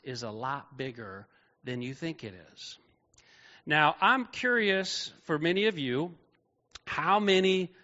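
A man's voice: a little high, a bit bright, long reverb tail, muffled recording. A man preaching a sermon as pastor, talking conversationally and asking the congregation questions. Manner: conversational, asks the audience questions. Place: church auditorium.

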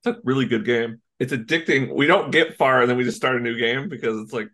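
A man talking casually on a podcast, with a mid-range voice that is neither high nor low. He rambles and gets animated as he goes, laughing and swearing along the way. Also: quick pace. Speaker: podcast co-host. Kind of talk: casual chat.

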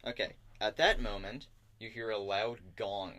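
A man with a fairly low voice runs a tabletop game, narrating scenes in a casual, halting way. He pauses often and fills gaps with likes and ums. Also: pushed and bright. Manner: hesitant, many fillers and likes. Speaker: game master.

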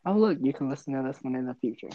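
A woman's voice: extremely low pitch, lively intonation, warm tone. A young woman hosting a casual podcast chat, teasing her friend and laughing often. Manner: teasing, joking, quick to laugh. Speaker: podcast host. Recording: dull lo-fi mic.

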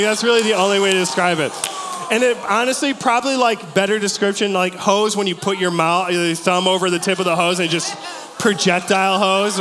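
A man preaching to middle schoolers as their pastor, telling a funny story in a joking, animated way and acting out the voices in it. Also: high-pitched. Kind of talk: youth sermon with storytelling. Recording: long reverb of a hall.

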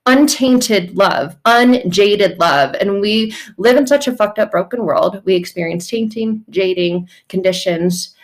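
A woman hosting a faith podcast, talking casually and bluntly, swearing freely and laughing often. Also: mid-range voice. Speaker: podcast host.

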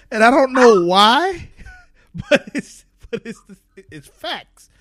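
A young man co-hosting a podcast in casual chat, animated, laughing often and swearing freely. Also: extremely high pitch, no room sound. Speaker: podcast co-host.

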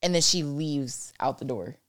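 Profane, animated young woman storyteller. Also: deep voice, unhurried. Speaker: podcast co-host. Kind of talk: casual podcast chat.

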